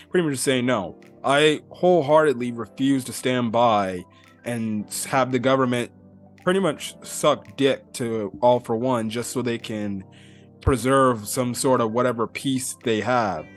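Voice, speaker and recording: Rambling man recapping a manga chapter. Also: mid-range voice. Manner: rambling, filler-heavy, swears casually. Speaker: manga reviewer.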